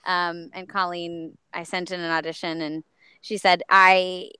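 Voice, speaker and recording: Smooth-voiced, low-toned woman chatting. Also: flat delivery, sharp tone, dry recording. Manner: upbeat, chatty, fills pauses with um and uh. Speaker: voice actress guest. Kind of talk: casual live-stream chat.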